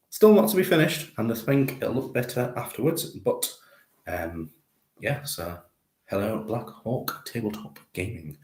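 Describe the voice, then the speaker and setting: A man with a low voice rambles casually through a live stream as he paints miniatures, often poking fun at himself. He is recorded in an echoey room. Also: creaky. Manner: rambling, self-deprecating, chatty with viewers. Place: home conservatory.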